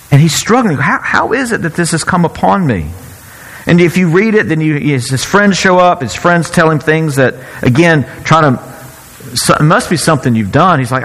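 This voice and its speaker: A man's voice: on the high side, animated, normal speed, a bit bright, long reverb tail, low-quality recording. A man preaching a sermon in a conversational style, often restarting his phrases as he goes. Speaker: pastor.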